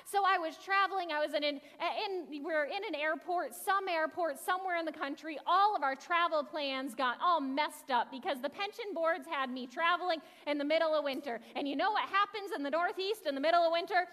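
A woman pastor gives a sermon in a bright, high voice. She talks fast and animated, telling stories to her congregation, and a long church reverb trails after each phrase. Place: church sanctuary.

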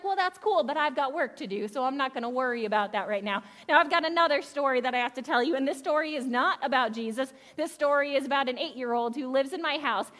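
A woman's voice: sits high, fairly bright tone. A woman in her thirties giving a sermon in a church, telling stories in a candid, chatty, self-deprecating way. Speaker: pastor. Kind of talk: conversational sermon. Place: church sanctuary. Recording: reverberant church hall.

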